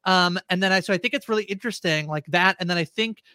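A woman's voice: on the low side, fast talker, pushed and bright, dry recording, studio quality. A woman with an Australian accent co-hosting a podcast, chatting casually and rambling with lots of fillers. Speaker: podcast co-host. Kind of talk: casual chat.

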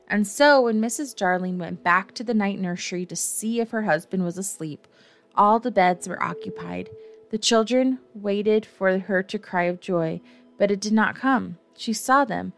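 Woman reading a kids storybook aloud, gentle and a bit wry, faint music behind. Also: mid-range voice. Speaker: audiobook narrator. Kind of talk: storybook narration.

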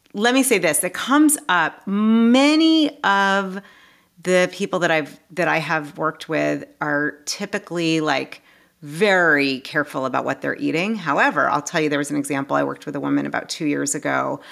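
A woman's voice: low-pitched, moderate pace, gravelly. A woman life coach talking casually as a podcast guest, earnest and heartfelt, with lots of restarts and asides. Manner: animated, with many restarts and asides.

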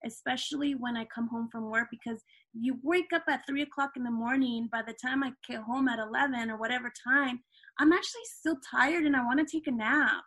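A woman's voice: a little high, brisk, fairly bright tone. A middle-aged woman talking casually as an interview guest, filling her speech with "you know" asides.

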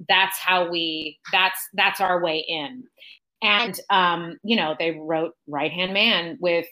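Broadway actress lady, bright tense voice, chatty and animated, laughs a lot. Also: mid-range voice, low-quality recording. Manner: animated, storytelling, laughs easily. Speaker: Broadway actress, podcast guest. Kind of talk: casual interview chat.

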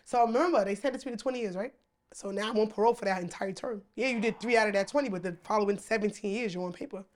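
Fast-talking slangy woman telling stories. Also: mid-range voice. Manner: slangy, animated, swears freely. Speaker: guest. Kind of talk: casual storytelling interview.

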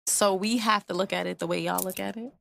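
A woman's voice: mid-range voice, fairly even intonation, fast talker, creaky, a bit bright. A woman co-hosting a podcast in casual chat, answering with wry skepticism. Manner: skeptical, wry, pushing back. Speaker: podcast co-host.

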